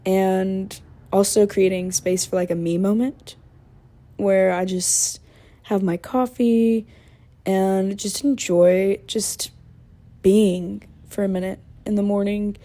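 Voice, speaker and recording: A woman's voice: mid-range voice, steady tone, slow, mellow. A woman hosting her own podcast, chatting casually and candidly, venting with swearing and laughter. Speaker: podcast host. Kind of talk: casual solo podcast chat.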